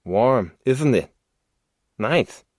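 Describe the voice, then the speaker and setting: A man voicing a sick, soft-spoken male killer who lisps and talks in a coaxing, eerily gentle way. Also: medium pitch, lively intonation, very slow, no room sound, studio quality, pitched above the performer's own voice. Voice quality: lisp.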